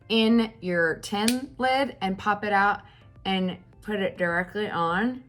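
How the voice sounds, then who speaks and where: A woman in her thirties chatting casually through a makeup tutorial at home, animated, with fillers and exclamations. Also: mid-range voice. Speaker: makeup vlogger.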